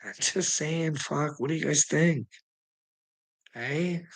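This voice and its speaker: A man's voice: fairly high pitch, takes it slowly, low-quality recording. A man rambling casually to his livestream chat, swearing a lot and chuckling often between phrases. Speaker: livestream host talking to chat.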